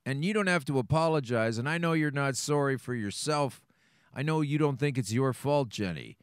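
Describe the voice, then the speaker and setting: A man's voice: medium pitch, moderate pace, clean tone, no room sound, studio quality. A man hosting a podcast, talking bluntly and casually, introducing a clip and commenting on it. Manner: blunt, swears, lively intonation. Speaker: podcast host.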